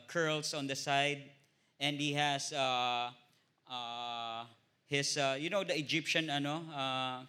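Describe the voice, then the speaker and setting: Filipino guy teaching bible study, kinda high bright voice, lots of uh's and little "no?" tags. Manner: hesitant, many filler "uh"s and tag "no?".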